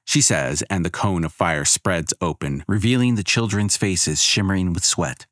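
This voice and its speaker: A man with a very low voice narrates a fantasy story in a wry, measured way. The sound is dry and close to the mic. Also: fairly bright tone, dry recording.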